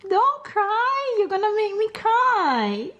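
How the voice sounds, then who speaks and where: Laughing, teasing young woman, slow talk. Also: very high voice, sing-song, a bit bright, muffled recording. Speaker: vlogger. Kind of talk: casual video-call chat.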